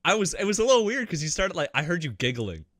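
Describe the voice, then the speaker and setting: A man's voice: a little high, big pitch swings, quick pace, fairly bright tone, no room sound, clean studio sound. A man co-hosting a casual gaming podcast, bantering and joking with heavy swearing. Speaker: podcast co-host.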